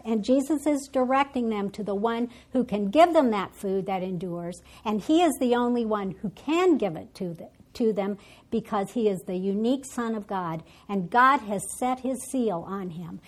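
A woman teaching a Bible study, explaining and quoting scripture while thinking aloud with frequent restarts and self-corrections. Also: fairly high pitch. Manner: paraphrases and quotes scripture in a teaching tone.

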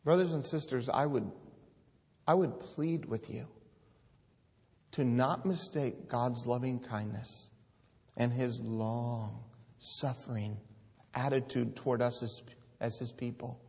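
A man's voice: mid-range voice, steady tone, takes it slowly, pauses often, darkish tone, in a large hall. A man preaching a sermon, earnest and pleading, reading scripture aloud with rising force.

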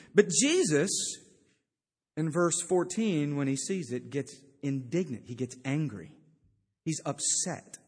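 High-voiced male pastor preaching. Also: in a large hall. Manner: emphatic storytelling with acted-out quotes. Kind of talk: sermon.

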